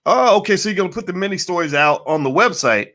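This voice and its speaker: Bright-voiced enthusiastic male host. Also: high voice, animated, quick pace. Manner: enthusiastic, repeats himself and stumbles. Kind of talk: casual interview chat.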